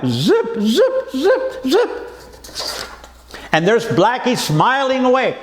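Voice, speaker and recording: A man performing a dramatic spoken-word monologue in streetwise slang, moving quickly between voices. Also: sits high, roomy sound. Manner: streetwise slang, swift shifts of voice.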